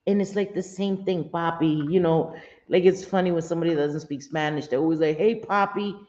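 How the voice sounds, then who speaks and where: A woman's voice: low voice, steady tone, fairly quick, mellow, dull audio. A middle-aged woman hosting a casual live chat, talking in a loose, chatty way and often laughing. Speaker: livestream host.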